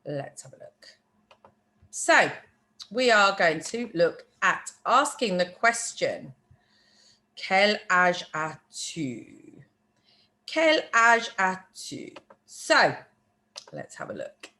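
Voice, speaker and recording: Woman, language teacher, bright tone, unhurried careful delivery, leads repeat-after-me drills. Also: fairly low pitch, wildly swooping pitch. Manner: slow, careful teacher modelling words for repetition. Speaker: French teacher. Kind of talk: online language lesson. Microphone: screen-share narration.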